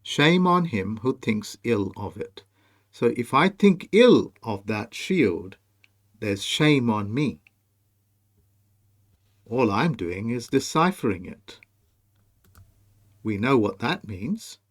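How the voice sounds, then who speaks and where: A man presenting a monologue over on-screen images, slow, emphatic and commanding as he speaks straight to the viewer. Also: medium pitch, sing-song. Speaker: video presenter.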